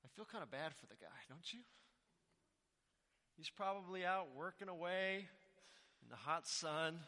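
A man's voice: fairly high pitch, expressive, unhurried, bright, forceful tone, long reverb tail. A male pastor preaching a sermon in a conversational way, putting rhetorical questions to the congregation.

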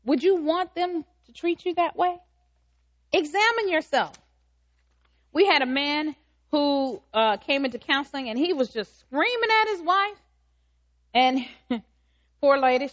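A high-pitched woman preaches in an emphatic, questioning way, pressing the congregation again and again. The sound is a little dull and lo-fi. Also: a little slow. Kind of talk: sermon.

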